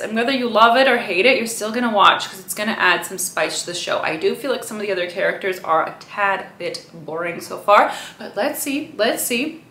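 A woman's voice: mid-range voice, lively intonation, a little fast, bright, forceful tone, a little hiss or hum. Brief: young woman vlogger, casual and chatty, roomy echo. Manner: chatty, peppers speech with "right?" and "you know". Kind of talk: casual chat to camera.

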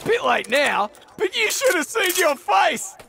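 A cocky, taunting soldier. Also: male voice, very high-pitched, very animated, measured pace, gravelly, very noisy, heavily acted. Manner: taunting, swaggering trash talk. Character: cocky foul-mouthed male soldier, brash and taunting. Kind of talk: video game combat voice lines. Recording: loud gunfire behind the voice.

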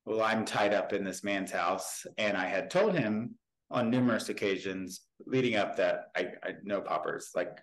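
Guest, male, 30s, lowish voice; candid, halting storyteller who often restarts. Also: expressive, poor audio. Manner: halting, frank, with many restarts. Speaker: podcast guest. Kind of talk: personal storytelling in an interview.

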